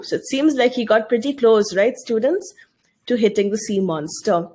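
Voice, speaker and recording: A woman's voice: fairly high pitch, lively intonation, normal speed, mellow. A woman teacher giving a recorded video lesson, reading a story aloud and explaining it, often asking her students questions.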